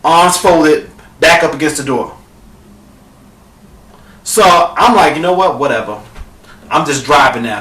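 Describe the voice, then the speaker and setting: A young man telling a profane, dramatic story to his camera, calling his viewers "girl" and breaking into shouts at the high points. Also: distant mic. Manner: bursts into shouting at peaks. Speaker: vlogger. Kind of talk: animated storytelling rant. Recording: echoey room, off the mic.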